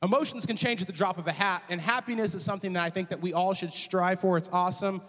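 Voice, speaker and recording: Man, young, casual joking sermon, fairly high voice, long church reverb. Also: fast talker, few pauses. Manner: casual, joking, animated storytelling with voiced asides. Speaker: student ministries director preaching. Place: church auditorium.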